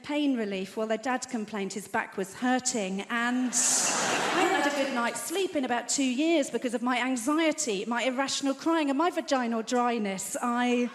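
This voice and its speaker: A woman doing self-mocking, deadpan stand-up comedy on a theatre stage. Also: fairly high pitch, normal speed. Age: 50s. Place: large theatre with live audience. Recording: echoey live theatre stage with audience noise.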